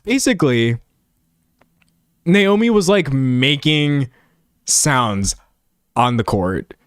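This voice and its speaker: Animated young man, dry close sound. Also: medium pitch, smooth, dry recording. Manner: animated, talks fast in bursts, emphatic. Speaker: podcaster reacting to clips. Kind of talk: casual reaction commentary.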